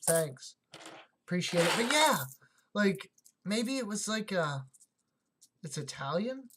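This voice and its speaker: Slow, chatty livestream host thinking aloud. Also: medium pitch, expressive, slight background noise. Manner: thinks aloud, chatty, talks back to chat comments. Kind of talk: casual livestream chat while sorting coins.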